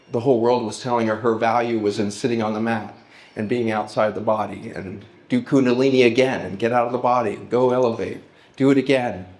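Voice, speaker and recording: A middle-aged man speaking to a live audience at a festival, telling stories and slowing down to act out heartfelt pleas. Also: lowish voice, a little mellow. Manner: storytelling, slows and lifts his voice to act out pleas.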